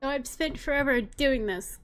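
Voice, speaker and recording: A woman streamer chatting excitedly to her chat during a live game stream. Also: high-pitched, moderate pace. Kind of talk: casual live-stream commentary.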